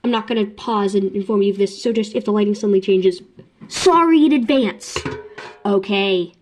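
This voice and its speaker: A woman's voice: medium pitch, moderate pace, a little hiss or hum. A young woman vlogger chatting casually about books. She rambles with self-deprecating jokes. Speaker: book vlogger. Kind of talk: casual chat.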